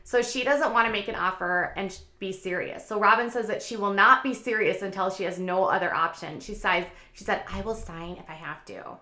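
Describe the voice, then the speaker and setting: A woman's voice: medium pitch, a little fast, hardly any pauses, pushed and bright, reverberant. Chatty woman recapping a reality show. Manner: chatty, opinionated, frequent "um" and "like". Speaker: commentary channel host. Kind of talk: casual commentary recap.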